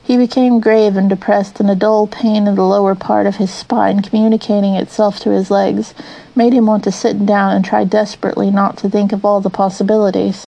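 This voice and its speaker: A woman reading a children's classic aloud with an even, expressive delivery. Her voice is warm and mellow, sitting at a middle pitch. The narration is steady and clear. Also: brisk, rough recording. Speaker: audiobook narrator. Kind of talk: storybook narration.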